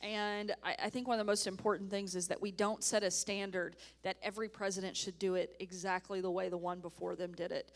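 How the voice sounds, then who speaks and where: A woman's voice: medium pitch, brisk, few pauses. A woman in her thirties, a former press secretary, answering questions earnestly and emphatically in an onstage interview at a conference. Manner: earnest, emphatic, even-toned. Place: conference stage.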